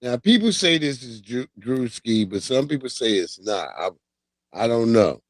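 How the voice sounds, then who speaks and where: A man hosting a livestream, chatting casually with animated, profane storytelling and laughs. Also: mid-range voice, moderate pace, no room sound. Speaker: livestream host. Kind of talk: casual commentary.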